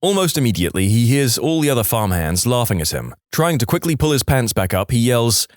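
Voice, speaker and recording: A man telling jokes in a very lively, swooping voice, jumping in and out of the characters. The sound is dry and close to the mic. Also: medium pitch, a little fast, few pauses, no echo. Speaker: joke storyteller. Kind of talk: reading jokes aloud.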